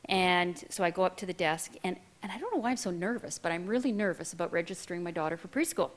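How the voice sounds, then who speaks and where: A woman's voice: on the low side, fast talker. A middle-aged woman giving a speech, telling a personal story to an audience in a candid, self-deprecating way. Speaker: keynote speaker.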